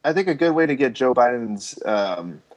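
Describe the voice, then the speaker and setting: A man co-hosting a podcast, joking crudely in an animated, casual way. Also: mid-range voice, moderate pace, highs cut off. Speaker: podcast co-host. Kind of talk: casual chat.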